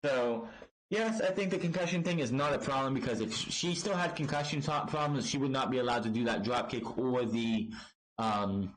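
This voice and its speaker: A man's voice: medium pitch, normal speed, rough recording. A man giving a casual, profane, sarcastic recap of a wrestling show, sounding exasperated.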